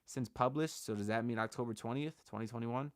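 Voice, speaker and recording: A man hosts a sports channel livestream, addressing his chat in a loose, slangy, hyped manner. He talks a little fast at medium pitch. Captured on an on-camera shotgun mic, the audio is studio quality with no echo.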